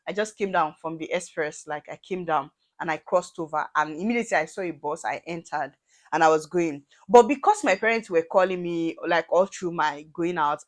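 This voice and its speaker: A young Nigerian woman with a Nigerian accent and a lowish voice tells a storytime vlog fairly quickly. She's animated, acting out the people in it with dialogue in shifting voices.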